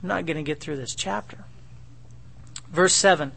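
Male pastor, high voice, emphatic teaching sermon with frequent check-ins. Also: normal speed, fairly bright tone.

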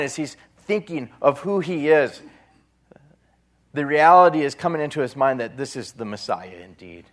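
A man delivers a sermon in a fairly high voice, retelling a Gospel story and voicing its characters as his loudness rises and falls dramatically.

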